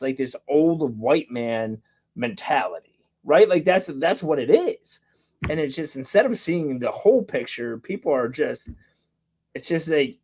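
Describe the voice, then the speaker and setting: A man co-hosting a podcast, talking in a heated, rambling way with lots of filler words and swearing. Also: fairly high pitch. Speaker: podcast co-host. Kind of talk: casual chat.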